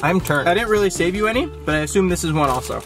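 Host: a man with a lively, bouncing voice and curious, teasing questions, slightly high pitch, soft music under. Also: fast talker. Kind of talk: casual mukbang chat.

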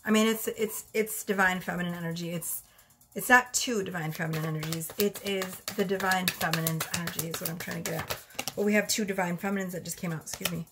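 A woman's voice: on the low side, steady tone, quick pace, background noise. A woman giving a casual tarot reading, chatty and rambling, a little out of breath. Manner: chatty, rambling, self-correcting. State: slightly out of breath. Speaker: tarot reader.

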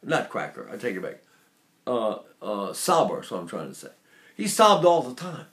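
An older man teaching singing, talking in an animated, digressive way and breaking into sung vocal demonstrations. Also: medium pitch, normal speed. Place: Seattle area.

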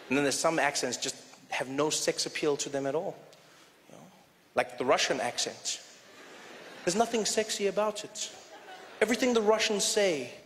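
A man doing stand-up comedy on a stage in an animated way, slipping between voices, recorded on a handheld mic in a reverberant live venue. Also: fairly high pitch, slight background noise.

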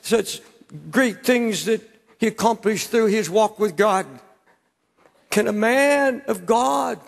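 A man's voice: high-pitched, gravelly. Older male pastor, impassioned sermon, repeats words, reverberant church hall. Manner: impassioned, repeats words when pressing a point. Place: large church sanctuary.

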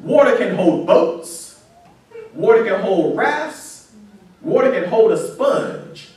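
A man's voice: high voice, lively intonation, slow, a little mellow. A man preaching a sermon in a church, emphatic and building to crying out as the congregation answers. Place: church sanctuary. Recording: very echoey church from a distance.

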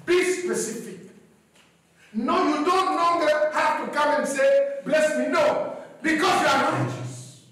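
A man's voice: very high-pitched, a little slow, fairly bright tone. A man pastor preaching a sermon emphatically, calling for responses from the congregation. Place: church hall. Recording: echoey church hall, distant mic.

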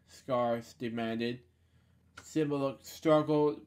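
A man reading a children's storybook aloud, stumbling over words and dropping sarcastic deadpan asides. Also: mid-range voice, slow pace.

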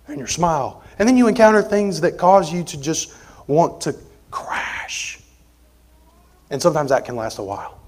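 A man preaching an expository sermon as pastor, conversational, moving between forceful emphasis and quiet asides. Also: high voice, animated, moderate pace, vocal fry. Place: church sanctuary.

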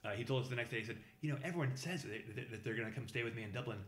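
A man spins a long story in casual chat, stumbling through fillers and restarts and slipping into the voices of the people he quotes. His voice sits at an ordinary middle pitch. The room around him is echoey. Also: racing. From Boston, USA. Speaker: podcast guest telling a travel story.

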